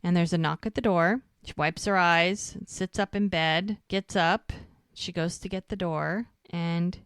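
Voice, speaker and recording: A woman co-hosting a podcast, casually recapping a TV episode and acting out the characters' lines in an animated way. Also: fairly low pitch, a little slow, clean tone, dry recording, studio quality. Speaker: podcast co-host.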